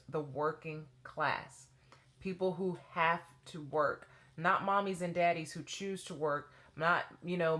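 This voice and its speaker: A woman, probably in her thirties, who taught dance to children, telling a personal story to camera in an animated way and acting out voices. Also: lowish voice. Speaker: former children's dance teacher.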